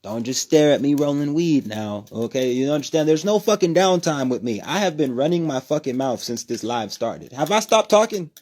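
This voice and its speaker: A man from New Mexico hosting a casual livestream from home, talking in a profane, rambling, animated way. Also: a little high, normal speed, few pauses. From New Mexico, USA. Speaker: livestream host.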